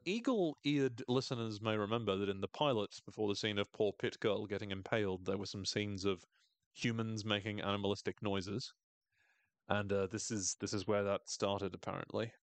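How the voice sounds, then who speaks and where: Speaking on the low side with no room sound, a man chats through a TV episode recap on his podcast. His tone is wry and easygoing, and he dashes off characters' lines in quick impressions.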